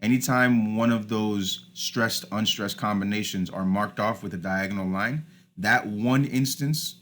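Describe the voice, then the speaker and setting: Deep-ish guy giving a slide lecture, casual, lots of all rights. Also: measured pace, fairly bright tone. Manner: informal, repeats "all right" and restarts. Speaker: teacher. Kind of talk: recorded lecture over slides.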